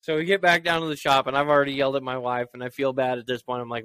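A man telling a story in casual conversation, swearing freely and acting out his own shouted reactions. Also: mid-range voice, rapid-fire, hardly any pauses, clean tone, no echo. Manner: animated, profane storytelling that acts out raised voices. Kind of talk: casual chat.

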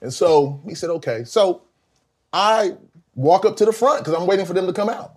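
Middle-aged male guest, animated raconteur, voices the people in his stories. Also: normal speed, husky. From South Carolina, US. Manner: animated storyteller, acts out quotes with big pitch jumps. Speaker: guest, former band vocalist. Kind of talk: casual interview storytelling.

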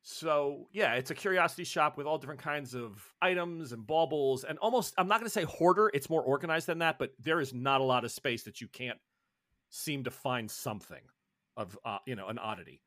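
A man's voice: mid-range voice, a little fast, fairly bright tone, no echo, clean studio sound. A man from the northeastern United States running a tabletop horror game as game master, rambling and playful, with many fillers and restarts.

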